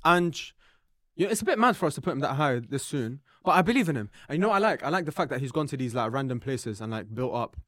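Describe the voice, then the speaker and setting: A man's voice: mid-range voice, sing-song, fast, fairly bright tone, no echo, clean studio sound. A young man, co-hosting a casual podcast, rambling loosely and swearing freely. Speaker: podcast co-host. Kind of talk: casual banter.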